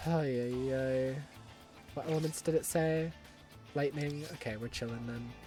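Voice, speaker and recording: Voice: mid-range voice, steady tone, a little slow, dark tone, faint music behind. A livestreamer commenting on a game while playing, ranting in exasperated, swearing outbursts and repeating phrases over and over. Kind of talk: live gaming commentary.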